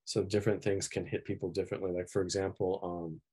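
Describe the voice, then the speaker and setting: A middle-aged man, an animation filmmaker, talking in a relaxed, reflective way with lots of fillers. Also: low-pitched, fast talker, husky. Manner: relaxed, reflective, many "you know" fillers. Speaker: animation filmmaker, guest of honor. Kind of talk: casual podcast chat.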